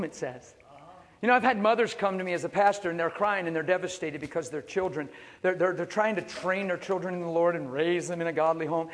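A male pastor preaching a sermon with animated storytelling and rhetorical questions. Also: sits high, brisk. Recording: long reverb of a large hall.

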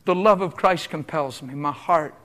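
High-voiced impassioned male preacher. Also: moderate pace. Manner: impassioned, rhetorical questions, shifts between loud and hushed. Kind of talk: sermon.

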